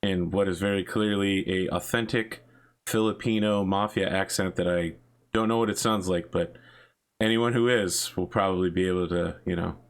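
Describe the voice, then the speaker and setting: A man narrating a tabletop game as game master in a relaxed way, with many fillers. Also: low voice, normal speed, clear, resonant tone.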